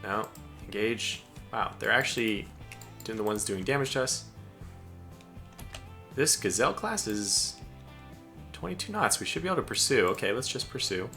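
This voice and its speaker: A man's voice: fairly low pitch, animated, moderate pace, long pauses, pushed and bright, faint music behind. An American man casually commentating his own live strategy game stream, chatty and chuckling as he barks orders at his ships. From United States.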